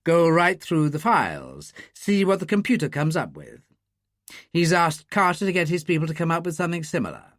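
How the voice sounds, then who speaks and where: Urbane male insider, read by a narrator, gossipy briefing manner, higher and lively. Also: normal speed, no echo, clean studio sound. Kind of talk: audiobook character reading.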